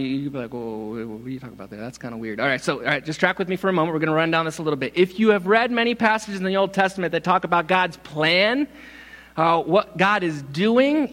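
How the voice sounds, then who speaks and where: A man's voice: sits high, fairly bright tone. A male pastor preaching a sermon, emphatic and repeating words for stress, calling for responses. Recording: long hall reverb.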